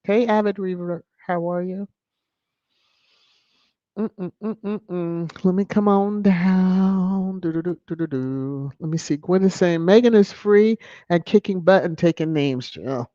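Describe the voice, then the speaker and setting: Brief: host, casual livestream chat, lively whoops, dry and dull lo-fi sound. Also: measured pace, dry recording. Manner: animated, with sudden high whoops and chuckles. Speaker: channel host. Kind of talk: casual livestream chat, reading viewer comments.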